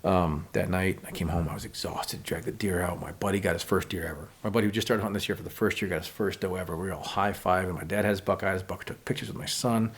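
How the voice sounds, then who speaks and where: A man in his thirties, a podcast guest telling hunting stories in a casual, animated way. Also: sits low, quick pace, few pauses, breathy edge. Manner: animated, acts out quotes of others. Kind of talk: casual storytelling.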